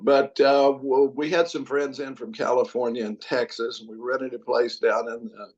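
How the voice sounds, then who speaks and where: A man's voice: medium pitch, little pitch movement, moderate pace, a little mellow, husky. A retired man, a regular podcast guest, chatting casually and telling rambling stories with frequent laughs. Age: older. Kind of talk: casual chat. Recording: slightly dull lo-fi sound.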